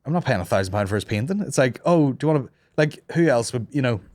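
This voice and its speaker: A man's voice: mid-range voice, expressive, fast talker, darkish tone, dry recording, clean studio sound. A man hosting a comedy podcast, telling stories in casual, sweary banter and slipping into mock voices. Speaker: podcast host.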